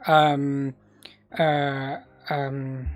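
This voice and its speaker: A woman's voice: rumbling low, level tone, very slow, soft background music. A woman hosting a reaction video, chatting casually and hesitantly with many fillers. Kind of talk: casual chat.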